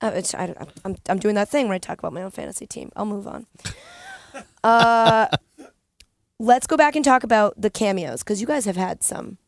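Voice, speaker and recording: A woman hosting a podcast, chatting casually with quick, self-deprecating asides. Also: mid-range voice, gravelly, no echo, clean studio sound. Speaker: podcast host.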